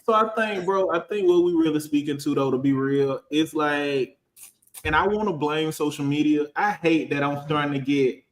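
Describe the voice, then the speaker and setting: A man in his thirties, a finance professional on a casual business panel, talking in an animated, slangy way and acting out quoted voices. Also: fairly high pitch, moderate pace, reverberant. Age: 30s.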